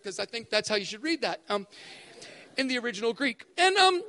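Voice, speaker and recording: A man preaching a sermon at a spiritual event, animated and acting out voices to make his points. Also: extremely high pitch, brisk, long reverb tail. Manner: animated, acts out voices for effect. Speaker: speaker at spiritual emphasis days.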